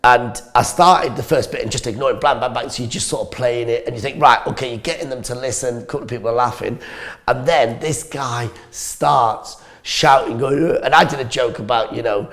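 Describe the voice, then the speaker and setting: A man's voice: mid-range voice, brisk. A man telling a comedy anecdote on a podcast, acting out the people in his story and laughing often. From northeast England. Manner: animated storyteller, acts out the people in his stories, laughs a lot. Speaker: comedian co-host.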